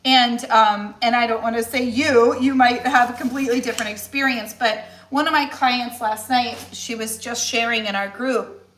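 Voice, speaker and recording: A woman's voice: a little high, fairly even intonation, moderate pace, a bit bright, reverberant, slight background noise. A woman in her forties, a nutritionist and weight loss coach, chatting casually and encouragingly on a cooking livestream with many restarts. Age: 40s.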